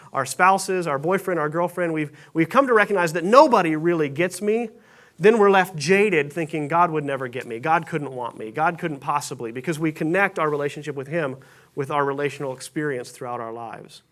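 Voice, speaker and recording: A man's voice: on the high side, fairly quick, fairly bright tone. A pastor giving a casual, storytelling sermon to his congregation, with many restarts and self-deprecating asides. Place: church sanctuary stage.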